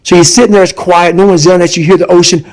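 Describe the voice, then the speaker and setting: A man's voice: high voice, fairly even intonation, racing, low-quality recording. A man guest in a conversation, telling a personal story with intense emphasis and repeating his points to hammer them home. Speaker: podcast guest.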